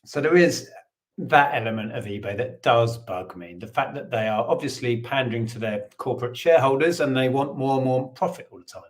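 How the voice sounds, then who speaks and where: Man from England, co-host, chatty, opinionated, casual chat, mid pitch. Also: fairly quick.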